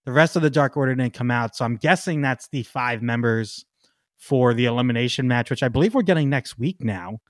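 A man co-hosting a podcast in casual chat, excitable, laughing often and trailing off with ums. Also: mid-range voice, brisk, no room sound, studio quality. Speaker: podcast co-host.

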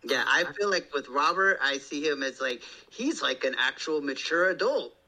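A man in his thirties chatting casually as a podcast guest, an animated storyteller who slips into playful voices. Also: fairly high pitch, normal speed, rough recording.

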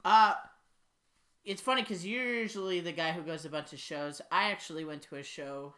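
A woman co-hosting a podcast, chatting casually and teasing her co-host with quick asides. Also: on the low side, sharp tone. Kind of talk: casual chat.

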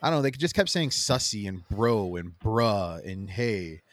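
A man co-hosting a podcast, rambling through animated stories and acting out what people said. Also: on the low side, measured pace. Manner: rambling, animated storyteller who acts out quotes. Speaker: podcast co-host. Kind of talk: casual chat.

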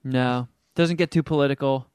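A man's voice: mid-range voice, normal speed, clean tone, no room sound, clean studio sound. A man co-hosting a podcast, telling about a movie in rambling, profane casual chat. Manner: rambling, profane, animated storytelling. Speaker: podcast co-host.

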